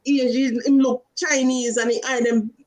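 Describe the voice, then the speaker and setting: A Jamaican woman telling lively stories in casual chat on a video call, acting out the quoted voices. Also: high-pitched, normal speed, low-quality recording.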